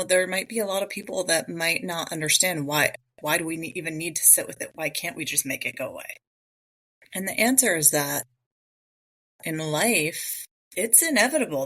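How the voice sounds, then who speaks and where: A woman's voice: deep voice, sharp tone, rough recording. A woman hosting a solo podcast, talking through ideas in a casual, thinking-aloud way with many rhetorical questions. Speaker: podcast host. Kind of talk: solo reflective talk on mindfulness.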